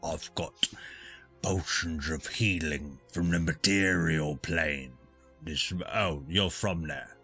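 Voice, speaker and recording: A grumpy shopkeeper selling potions, as a game master plays him, with a gruff and guarded manner. The voice sits very low and moves slowly, with a bright edge and faint music behind it. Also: heavily acted. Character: grumpy male Kraggle potion seller.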